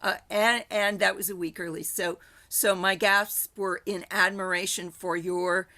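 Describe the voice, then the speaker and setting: Casting: woman improv host, bubbly, gravelly edge, bright tone. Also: medium pitch, fairly even intonation, a little slow. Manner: chatty, bubbly and jokey. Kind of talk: hosting an online improv show.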